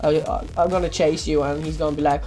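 A young woman giving jokey, excitable let's play commentary, breaking into sudden loud yelps. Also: low voice, fast, music in the background. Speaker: gaming channel host.

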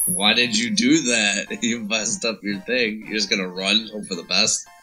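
A man's voice: lowish voice, level tone, normal speed, bright, forceful tone, soft background music, poor audio. A young man hosting a gaming stream in casual chat, rambling, laughing and swearing. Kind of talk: casual chat while playing.

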